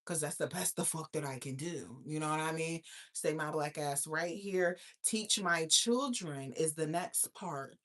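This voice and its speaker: A woman hosting a casual storytime monologue, slangy and profane, swinging between loud outbursts and low asides. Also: measured pace, hardly any pauses. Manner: slangy, emphatic street talk. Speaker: host.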